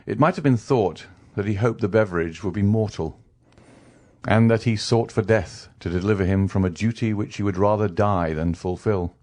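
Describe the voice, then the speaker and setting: A man narrating a classic novel as an audiobook, reading in a measured way. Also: lowish voice, darkish tone. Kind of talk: scripted narration.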